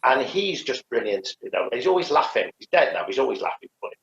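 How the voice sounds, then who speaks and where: A man's voice: medium pitch, very animated, quick pace, fairly bright tone. A man co-hosting a casual podcast chat, rambling with many restarts and fillers. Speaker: podcast co-host, karate teacher. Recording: echoey, dull lo-fi sound.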